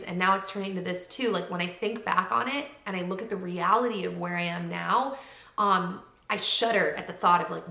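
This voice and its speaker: A young woman chats straight to her camera at home, her voice bright and clear. She talks in a heartfelt, rambling way, full of likes and ums. The room has hard floors and gives her voice a noticeable echo. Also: mid-range voice. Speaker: lifestyle vlogger. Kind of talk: casual chat to camera. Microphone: camera mic.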